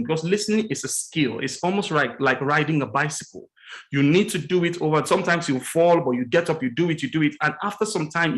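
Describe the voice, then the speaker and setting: A man with a fairly high voice talks earnestly on a religious morning show. He slows right down to lean on key words, and he repeats his main points so they land. Now and then he acts out little scenes with lively jumps in pitch. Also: poor audio. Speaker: studio guest on a religious breakfast show. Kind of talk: earnest teaching talk on relationships.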